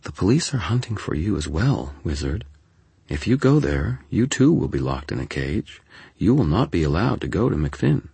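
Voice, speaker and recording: A man's voice: sits low, sing-song, moderate pace, vocal fry, warm tone, breathy edge, no room sound, full character voice. A man voicing a haughty, aloof young woman who speaks in a cold, disdainful, clipped way.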